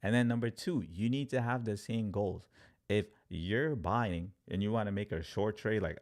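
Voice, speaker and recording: A man teaching crypto trading on a livestream, talking in an animated, story-driven way with lots of fillers. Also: lowish voice, normal speed. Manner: animated storyteller, acts out quotes, filler-heavy "like". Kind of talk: livestream talk to viewers.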